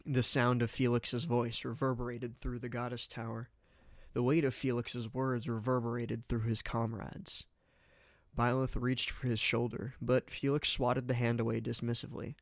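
A man reading a story aloud as narrator, steady and even. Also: medium pitch, moderate pace, dry recording, clean studio sound. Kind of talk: reading fan fiction aloud.

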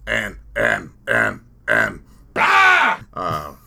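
A man's voice: on the low side, wildly swooping pitch, extremely slow, gravelly, pushed and bright, soft background music. A man hosting a casual podcast chat, profane and opinionated, often laughing.

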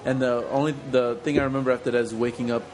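A man's voice: mid-range voice, level tone, rapid-fire. A man co-hosting a casual podcast among friends, telling a long story full of fillers and restarts. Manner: rambling storyteller with many fillers. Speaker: podcast co-host.

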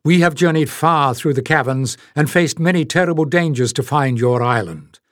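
A man's voice: on the high side, normal speed, no echo, clean studio sound, lightly acted. A man doing an earnest young hero. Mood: pleading. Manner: hasty, earnest pleading. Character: earnest young male adventurer, pleading.

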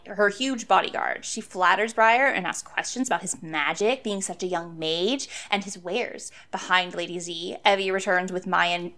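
A woman's voice: mid-range voice, fairly bright tone. A woman co-hosting a podcast, recapping a book chapter in casual chat, laughing often and enthusiastic. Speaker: podcast co-host.

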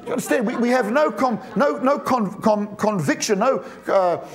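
A man in his forties delivers a sermon in a high voice. He talks emphatically, stumbles over repeated words and keeps asking the congregation questions. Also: expressive, moderate pace, a faint crowd. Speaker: preacher.

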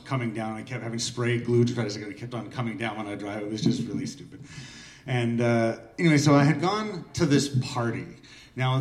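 A man's voice: medium pitch, darkish tone, distant mic. Open mic host in his forties, rambling self-deprecating storyteller, echoey room, heard from across the room. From Oregon, US. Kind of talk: casual personal storytelling. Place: small art gallery room.

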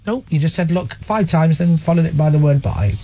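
A man's voice: fairly high pitch, fairly quick, warm tone. A man hosting a radio talk show, giving his blunt opinions and mocking a politician. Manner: mocking, does voices of politicians. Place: radio studio.

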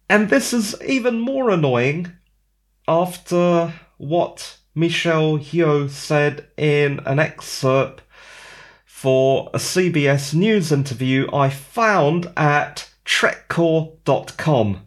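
A man's voice: fairly high pitch, expressive, slow. A man hosting a solo podcast, giving opinionated, conversational commentary with rhetorical questions. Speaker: podcast host.

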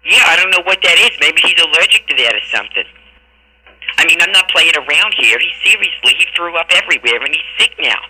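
A man's voice: fairly high pitch, lively intonation, fairly quick, sharp tone, slightly rough. A man making a prank phone call, accusing and needling with mock indignation, heard over a tinny phone line. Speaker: prank caller.

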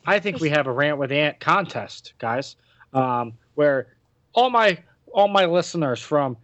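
A man's voice: fairly high pitch, expressive, unhurried, a bit bright, dry recording, muffled recording. An American man hosting a podcast, chatting casually about wrestling with lots of fillers and restarts. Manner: rambling, many fillers and restarts. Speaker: podcast host.

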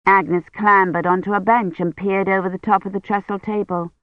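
A woman reading a novel aloud as narrator in a calm, measured way. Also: mid-range voice, dry recording. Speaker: audiobook narrator. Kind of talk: scripted narration. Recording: tinny phone-like line.

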